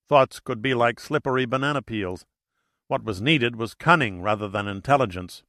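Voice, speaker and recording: Male audiobook narrator, steady dramatic read, bright tone, dry close sound. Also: medium pitch, no echo. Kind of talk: scripted narration.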